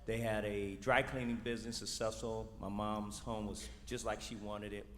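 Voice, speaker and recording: A man telling his family's history as a church guest, relaxed and easy. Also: lowish voice, moderate pace. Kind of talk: personal testimony. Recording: live in a reverberant hall with faint noise.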